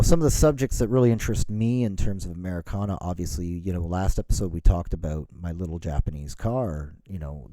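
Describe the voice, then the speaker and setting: Low, mellow-voiced man talking casually. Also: no room sound. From Canada. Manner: rambling, self-correcting, lots of "you know". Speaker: podcast host. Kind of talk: casual solo talk.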